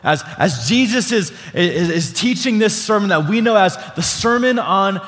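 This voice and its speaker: With an animated, high, fairly bright voice at normal speed, a young adult pastor gives a casual sermon in a church sanctuary. He uses many fillers and restarts, poses questions to the congregation, and calls for answers, and the audio carries long hall reverb.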